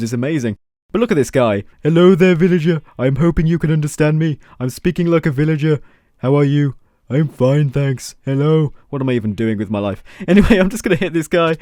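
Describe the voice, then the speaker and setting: A man's voice: fairly high pitch, a little mellow, dry recording, clean studio sound. A man hosting a game mod showcase, commenting playfully with self-mocking jokes and asides. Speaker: gaming video host.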